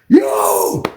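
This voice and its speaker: A man telling a prison story in casual, animated slang full of swearing. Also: roomy sound, slight background noise.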